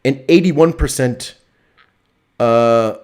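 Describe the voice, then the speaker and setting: A man's voice: medium pitch, extremely slow, darkish tone. Upbeat man co-hosting a live stream. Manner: upbeat, reads viewer comments, laughs easily. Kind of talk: casual live-stream chat.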